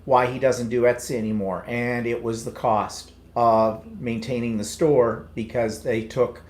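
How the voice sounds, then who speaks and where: A man's voice: medium pitch, fairly even intonation, measured pace. A man co-hosting a casual live chat show, teasing his co-host and steering the talk back on track. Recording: roomy echo.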